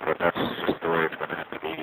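A man's voice: a bass voice, monotone, very fast. A man at a street payphone making a rambling, self-mocking sound check through the handset. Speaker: field recordist. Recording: static-laden payphone line with street noise. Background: traffic, car alarm, subway.

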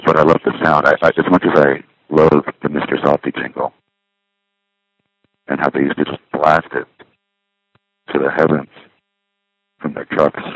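Speaking from a payphone on the street, a middle-aged man with an extremely low voice delivers a meandering, wry diary entry and keeps correcting himself. His tone is level and his pace moderate, with long pauses and no echo, over a tinny line with faint street noise.

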